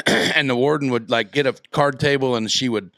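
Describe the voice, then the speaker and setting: A man co-hosting a podcast, chatting casually and telling animated stories with loud laughs. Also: medium pitch, moderate pace, no room sound, studio quality. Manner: animated storyteller, laughs loudly. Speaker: podcast co-host.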